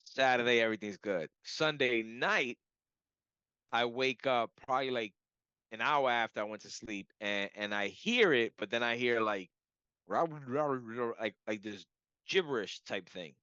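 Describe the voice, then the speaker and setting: A man telling a personal story in a casual, animated way, full of "like" and "you know". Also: mid-range voice, normal speed, clear, resonant tone, no room sound. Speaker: client giving a testimonial. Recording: dull lo-fi audio.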